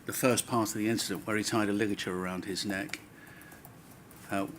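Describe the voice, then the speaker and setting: Low-voiced man pressing a witness. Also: fairly even intonation, a little fast, fairly bright tone, a little hiss or hum. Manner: pointed, pressing questions. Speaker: inquiry counsel. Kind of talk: formal questioning of a witness.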